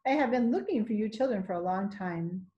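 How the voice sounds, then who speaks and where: A woman reading the lines of a kind older grandfather in a storybook, in a gentle manner. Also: medium pitch, lively intonation, brisk, dull audio, close to an everyday voice. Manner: gentle, warm-hearted.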